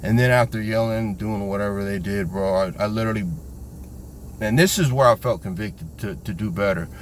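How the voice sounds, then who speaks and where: A man casually telling a personal story, animated and slangy, acting out the voices of the people in it. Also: fairly low pitch, normal speed, slight background noise.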